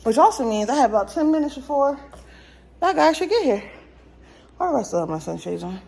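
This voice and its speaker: A woman's voice: high voice, big pitch swings, fairly quick, creaky, long pauses, darkish tone, poor audio. A woman vlogging at home, chatting and laughing with her viewers while sweaty from yard work. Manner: chatty, laughs often, talks to viewers as y'all. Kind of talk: casual chatty vlog. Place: at home, in the backyard and indoors.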